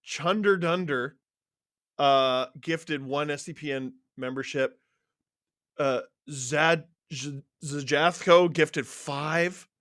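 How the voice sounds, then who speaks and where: A man hosting a live watchalong stream, excitedly reading out viewer names and swearing freely. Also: fairly high pitch, slow, no echo, studio quality.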